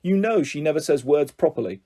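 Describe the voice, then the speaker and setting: A man's voice: a little high, lively intonation, brisk, dark tone. A man doing a chatty exasperated mum. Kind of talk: audiobook character voice.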